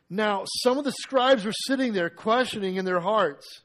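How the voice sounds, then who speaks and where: A man preaching a sermon, retelling a scripture story in a lively, conversational way and acting out the lines. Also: very high-pitched, moderate pace.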